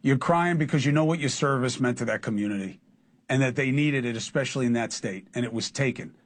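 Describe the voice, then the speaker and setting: A male TV news interviewer speaks earnestly and reassures his guest. His voice sits at an ordinary male pitch. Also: a little fast.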